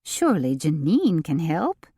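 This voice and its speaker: A woman reading an audiobook and voicing a calm, gracious tea shop owner who soothes a friend. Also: low-pitched, a little slow, breathy edge, dry recording, studio quality, heavily acted. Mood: calm reassuring.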